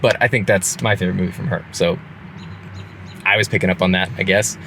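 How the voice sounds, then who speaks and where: A man's voice: low-pitched, fairly even intonation, fairly quick, gravelly, bright, forceful tone, a little hiss or hum. A man co-hosting a casual podcast movie review, talking in a rambling way with restarts and laughs. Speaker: podcast co-host.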